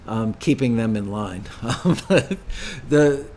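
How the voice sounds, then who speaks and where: Older man, show host, rambling anecdotes, middle-pitched voice, faint hum behind. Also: expressive, extremely slow, a little mellow. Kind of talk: live Q&A chat.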